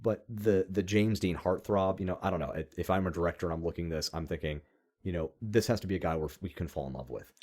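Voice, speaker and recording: A man's voice: low voice, fast, darkish tone. A young man co-hosting a podcast, rambling through opinions in casual chat and swearing freely. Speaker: podcast co-host.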